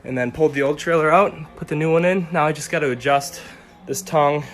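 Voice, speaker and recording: A man explaining his boat restoration in a relaxed, halting way with plenty of fillers, recorded on a phone in his home garage. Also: fairly high pitch, soft background music. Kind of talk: casual how-to narration. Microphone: phone camera.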